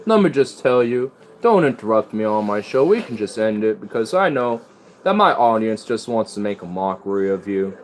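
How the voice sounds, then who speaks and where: A man's voice: lowish voice, big pitch swings, moderate pace, a little hiss or hum. A man doing an impression of a smug middle-aged male TV counselor who lectures his guests in a preachy, self-satisfied way. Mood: lecturing.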